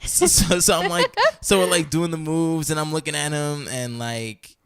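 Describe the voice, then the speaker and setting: A man's voice: fairly high pitch, normal speed, smooth, no echo, studio quality. A man casually telling a story on a podcast, acting out quotes and filling his talk with "like" and "you know". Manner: animated storytelling, acting out quotes in many voices; heavy use of filler "like" and "you know". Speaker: podcast co-host. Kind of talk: casual chat.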